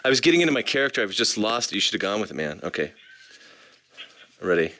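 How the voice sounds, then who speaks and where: A man's voice: lowish voice, very animated, fast, sharp tone. A man voice actor joking around between takes of game dialogue, slipping into silly voices. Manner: playful, jokey, slips into silly impressions. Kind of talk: game voice recording outtakes.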